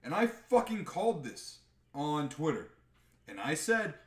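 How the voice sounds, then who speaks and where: A man on a live podcast, chatting casually in a profane, animated rant. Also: on the high side, unhurried, echoey room. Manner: animated, profane ranting with mocking impressions. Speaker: podcast co-host.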